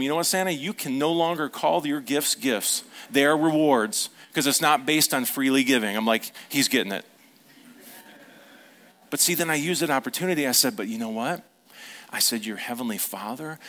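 A middle-aged male pastor preaching in a relaxed, conversational way. He speaks at a medium pitch, tells stories from his own family and keeps asking the congregation questions. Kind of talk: sermon.

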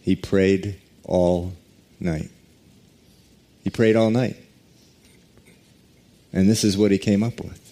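A man preaching a sermon, reading scripture and praying with deliberate, drawn-out emphasis. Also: sits low, steady tone, mellow. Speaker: pastor.

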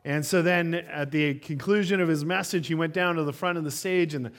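A man's voice: on the high side, a little fast. A man preaching a sermon as a pastor in church, telling stories in a conversational way with frequent fillers.

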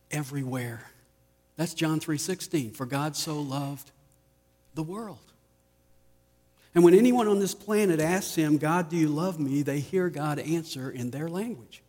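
A man preaching a sermon as pastor, slow and deliberate, often letting his voice fall soft at the ends of lines. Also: a little high. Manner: slow, deliberate preaching with dramatic drops in volume. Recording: long reverb of a large hall.

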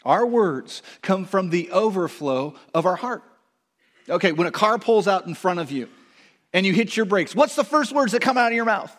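A middle-aged male pastor delivering a sermon with an animated, fairly high voice. He swells louder when acting out quotes, then drops back to a quieter, conversational tone, often restarting his words mid-phrase. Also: normal speed. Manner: animated preaching, rising loud on quoted lines, frequent restarts.

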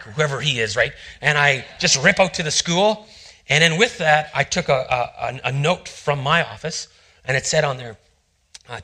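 A middle-aged male pastor preaching a sermon, telling a personal story and acting out the quotes in hushed voices. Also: on the high side, fairly quick, husky.

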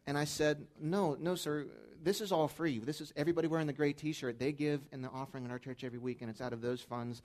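A middle-aged man preaching a sermon as pastor, telling stories and building to loud, fervent peaks. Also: fairly high pitch, fairly even intonation, quick pace, few pauses.

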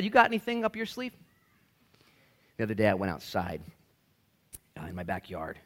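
A man preaching a sermon, casual and conversational, acting out little asides as he teaches. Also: lowish voice. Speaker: pastor. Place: church.

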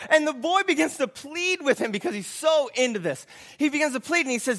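A man's voice: very high-pitched, expressive, fairly quick, fairly bright tone. A man preaching a sermon, telling a story in an earnest, reflective way and often repeating his words.

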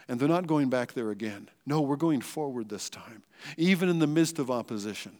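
An earnest male pastor preaching a sermon with a slightly raised, bright-pitched voice. He drives points home through repetition and rhetorical questions. His voice carries a long reverb from a church sanctuary. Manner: earnest and emphatic, with rhetorical questions and repeated phrases.

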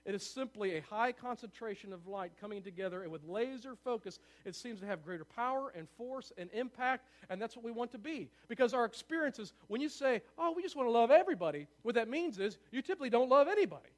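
Fast, high-voiced excitable preacher man. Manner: excitable, fast-talking, asks the room for agreement. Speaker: pastor. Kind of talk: sermon. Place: church sanctuary.

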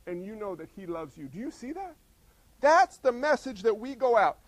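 A man preaching a sermon with animated delivery, often asking his listeners questions and acting out voices. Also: sits high, moderate pace, no echo, low-quality recording. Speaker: pastor.

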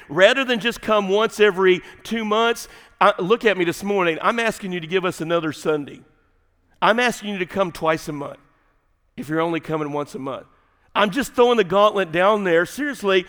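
A male pastor preaching a sermon, folksy and animated, daring the congregation. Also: sits high, smooth. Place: church sanctuary. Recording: long hall reverb.

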